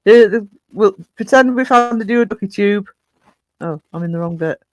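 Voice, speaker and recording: In a casual livestream chat, a man reads viewer comments out loud and greets people by name. He speaks at a moderate pace in a high voice, on a dry recording.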